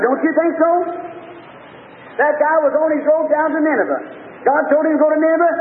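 A man preaching a fervent sermon, telling a story and rising to shouts, recorded in a church hall on an old tape. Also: very high voice, phone-quality sound, a little hiss or hum.

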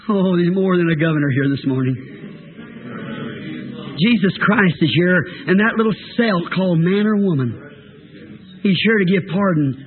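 A man preaching a sermon with a raspy voice, telling a story dramatically and with fervor. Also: high voice, moderate pace, long pauses, a little hiss or hum. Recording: tinny phone-like old recording.

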